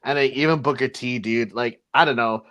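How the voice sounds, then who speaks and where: A man's voice: mid-range voice, a little fast, a bit bright. A man co-hosting a wrestling podcast in casual chat, laid-back and swearing freely. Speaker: podcast co-host.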